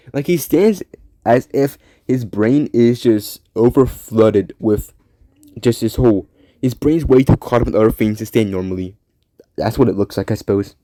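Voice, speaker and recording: A man's voice: mid-range voice, dark tone, dry recording. A young man hosting a solo podcast, rambling and often correcting himself as he talks bluntly. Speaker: podcast host.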